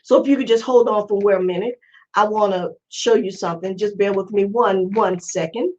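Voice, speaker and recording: A woman hosting a casual talk show, asking rhetorical questions in loud, incredulous exclamations. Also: mid-range voice, moderate pace, slight background noise. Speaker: host. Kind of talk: casual commentary. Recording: lo-fi muffled recording.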